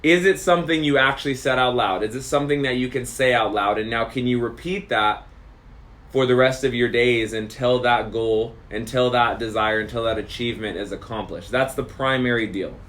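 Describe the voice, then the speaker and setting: A man's voice: mid-range voice, normal speed, fairly bright tone. Emphatic man giving a motivational talk. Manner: emphatic, repeats phrases for effect. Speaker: podcast host. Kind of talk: motivational monologue.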